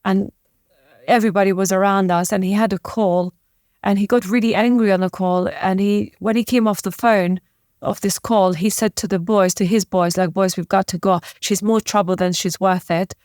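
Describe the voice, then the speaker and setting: A woman's voice: mid-range voice, steady tone, a little mellow, no room sound. Tearful woman with a dry close sound. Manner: halting, emotional retelling with many restarts. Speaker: podcast guest. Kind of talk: emotional interview storytelling.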